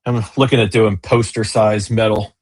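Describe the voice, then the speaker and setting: A man's voice: on the low side, level tone, moderate pace, a little mellow, breathy edge. A man, a business owner and kayak angler, chatting casually in an interview over a video call, rambling with fillers and restarts.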